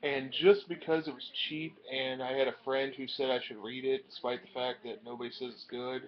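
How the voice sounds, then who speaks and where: Talking a little fast with fairly even intonation, a young man with a mid-range voice rambles through his newly purchased comics. It's a casual show-and-tell vlog from a collector, packed with ums and uhs and recorded at home in dull lo-fi quality.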